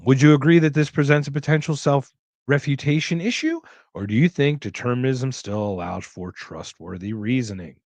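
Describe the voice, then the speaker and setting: A man hosts a casual livestream podcast and answers chat questions in a loose, joking ramble full of restarts. He talks at a middle pitch into a close microphone. The sound is dry and close. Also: darkish tone, dry recording. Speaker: podcast host.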